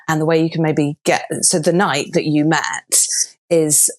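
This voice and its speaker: A woman's voice: deep voice, steady tone, measured pace, a little mellow. A woman from Wales retelling an old legend on a podcast, laughing often and slipping into playful quoted voices. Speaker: guest storyteller.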